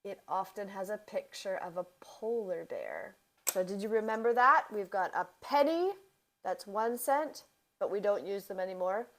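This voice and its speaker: Slow, careful woman teaching. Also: a little high. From Canada. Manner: careful, deliberate, repeating examples for learners. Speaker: English teacher. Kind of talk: slow, clear teaching explanation.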